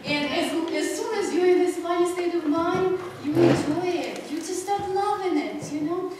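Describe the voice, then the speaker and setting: A woman piano professor giving a lively workshop lecture at a conference, teasing the room with questions. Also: very high-pitched, moderate pace. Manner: animated, playful, draws listeners in with questions. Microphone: distant room mic. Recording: echoey hall recorded from far off, noisy.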